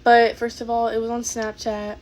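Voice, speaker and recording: A woman in her twenties chats through a get-ready-with-me storytime, leaning on fillers. Her voice sits a little high. Faint room noise hums behind her. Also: monotone, normal speed. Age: 20s. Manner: chatty, filler-heavy. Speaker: YouTuber.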